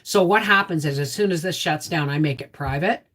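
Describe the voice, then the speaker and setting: On her homestead channel's live stream, a middle-aged host speaks briskly in a low-pitched, fairly bright voice. She chats casually with viewers, reads out their names, and gets emotional.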